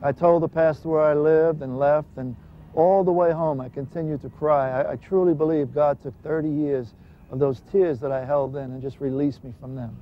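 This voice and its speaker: A man's voice: a little high, fairly even intonation, normal speed. A man giving an earnest, emphatic personal testimony. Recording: dull lo-fi recording with faint hiss.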